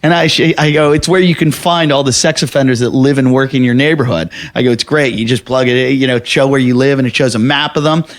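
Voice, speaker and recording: Man comedian telling an animated story. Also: mid-range voice, fast talker, few pauses. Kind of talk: casual chat.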